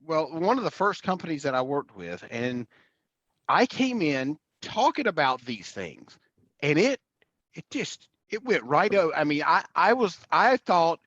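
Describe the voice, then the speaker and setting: An enthusiastic man hosts the talk in a somewhat high voice whose pitch swings lively up and down. He stumbles and restarts as he jumps in eagerly. His audio is muffled and lo-fi. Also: moderate pace, slightly rough, no echo. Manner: enthusiastic, many fillers and restarts. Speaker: host and sales coach. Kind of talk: casual interview conversation.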